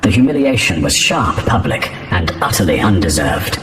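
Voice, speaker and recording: A man narrating a scripted story in a steady, even delivery. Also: deep voice, normal speed, echoey room.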